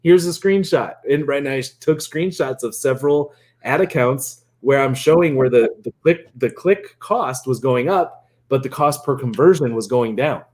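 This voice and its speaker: A man coaching on marketing in a casual, animated way, laughing often and acting out quoted chats. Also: medium pitch, normal speed. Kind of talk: casual explainer.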